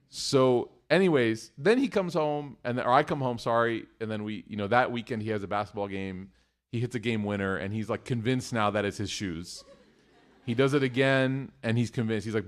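Man, middle-aged, Muslim speaker, animated storytelling, religious lesson, Arabic phrases. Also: mid-range voice, a little fast.

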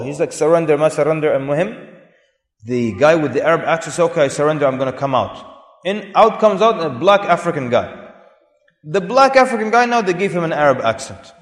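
A man giving an Islamic lecture to a live audience, chatty, asking the listeners questions and laughing now and then. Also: fairly high pitch. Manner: conversational, asks the audience questions, often laughs. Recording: echoey hall recording.

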